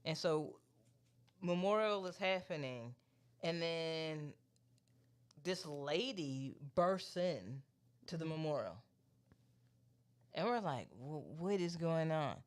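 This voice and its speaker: A man co-hosting a podcast, telling a story in a loose, profane, animated way and quoting the people in it. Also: fairly high pitch, takes it slowly, pauses often. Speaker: podcast co-host. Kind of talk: casual chat, storytelling.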